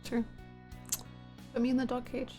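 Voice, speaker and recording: Bubbly woman streamer chatting with her viewers, high voice with big swings, quick to laugh and curse, soft game music underneath. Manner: animated, laughs often, swears freely. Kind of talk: casual chat with viewers.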